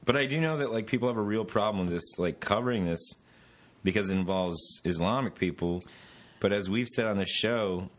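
A man's voice: fairly low pitch, brisk. A man hosting a podcast, telling stories in a casual, rambling way, full of tangents and swearing. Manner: rambling, profane, tangent-prone storytelling. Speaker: podcast host. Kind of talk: casual chat.

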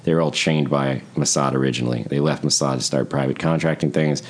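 A man's voice: extremely low pitch, fast. A man co-hosting a casual podcast conversation, rambling, swearing often and acting out other people's lines as he tells stories. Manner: profane, rambling, animated storytelling. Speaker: podcast co-host.

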